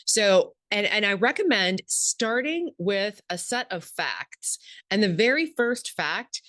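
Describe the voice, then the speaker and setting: A woman's voice: medium pitch, slow pace, no echo, clean studio sound. A woman speaking as a communication expert in an interview, explaining step by step and acting out bits of example dialogue. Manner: animated, acts out example dialogue.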